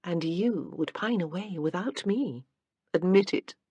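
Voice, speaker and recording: A woman's voice: fairly low pitch, lively intonation, measured pace, dark tone, slightly rough, no room sound. A woman voicing a playful, teasing young wife in an audiobook. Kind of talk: audiobook character reading.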